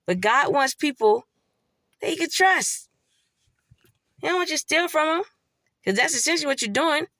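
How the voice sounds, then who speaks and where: A woman delivers a blunt, preachy spiritual monologue full of swearing. Her voice is gravelly and sits a little high. The recording is dry and close, with no room sound. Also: lively intonation, moderate pace, pauses often, sharp tone, no room sound. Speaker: spiritual vlogger.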